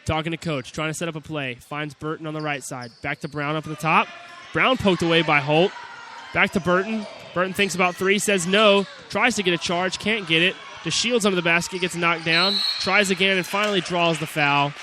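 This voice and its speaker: Excited young man calling basketball play-by-play. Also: fairly high pitch, background noise. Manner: rapid clipped calls, bursts of shouting on plays. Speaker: play-by-play announcer. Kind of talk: amateur basketball play-by-play commentary.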